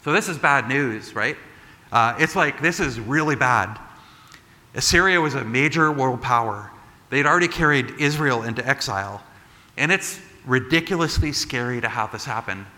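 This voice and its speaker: Male pastor, bright voice, chatty sermon delivery, long hall reverb. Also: medium pitch, normal speed. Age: adult. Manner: conversational, animated retelling with frequent "like" and "right?".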